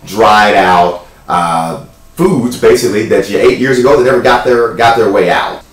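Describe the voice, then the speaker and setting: A man giving an animated, jokey spoken account in a casual vlog. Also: lowish voice, echoey room, far from the mic, poor audio. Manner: animated, chatty storytelling with jokes. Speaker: wellness vlogger.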